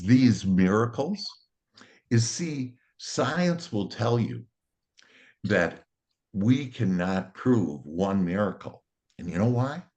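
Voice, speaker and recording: Deep-voiced man telling a cheerful story. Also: darkish tone. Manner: chuckles often while telling; cheerful and upbeat. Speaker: author and motivational speaker. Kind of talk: casual anecdote telling.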